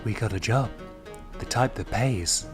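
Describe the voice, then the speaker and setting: A man voicing a matter-of-fact female ghost-hunter, read in his own low voice. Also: unhurried, music in the background, lightly acted. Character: brisk young woman ghost-hunter.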